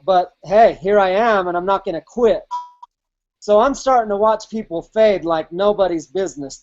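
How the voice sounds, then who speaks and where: This podcast host has a high-pitched male voice, captured in dull-sounding audio. He tells a personal race story casually and vividly, swearing and replaying his own inner thoughts as quotes.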